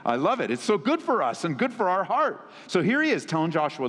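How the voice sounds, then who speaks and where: A man preaching a sermon as pastor, animated and swinging his pitch widely. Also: brisk, hardly any pauses. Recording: long reverb of a big hall.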